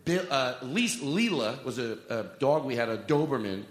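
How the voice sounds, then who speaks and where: A man's voice: medium pitch, lively intonation, normal speed. Rambling profane stand-up comic man. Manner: rambling, profane, self-mocking, chatty with the crowd. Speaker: stand-up comedian. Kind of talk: live stand-up set, crowd work. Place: comedy club stage. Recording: echoey hall with long reverb.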